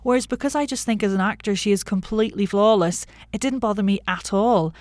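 A woman's voice: mid-range voice, a little fast, a little mellow, no room sound. Frank woman guest, dry close sound. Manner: thinking aloud, frank. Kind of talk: casual interview talk.

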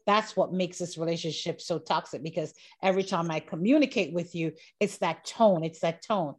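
A woman co-hosting a casual chat, lively and quick to laugh, often asking follow-up questions. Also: lowish voice.

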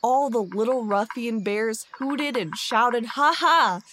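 A woman narrating a bedtime story in a slow, soothing way. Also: a little high, a little hiss or hum.

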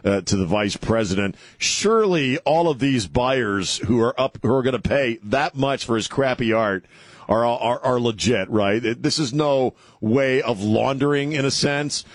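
A man's voice: mid-range voice, normal speed, no echo. A man hosting a talk radio show, taking callers and giving sarcastic, mocking commentary in a chatty way.

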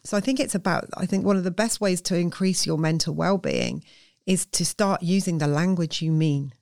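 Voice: medium pitch, very animated, normal speed, creaky, darkish tone, no echo, clean studio sound. A therapist, explaining earnestly and emphatically in a conversational interview. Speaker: therapist guest.

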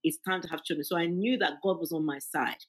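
A woman guest with a husky voice, telling her faith story in an interview with fervent, emphatic energy. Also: low voice, steady tone, fast talker, low-quality recording. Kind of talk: faith testimony in podcast interview.

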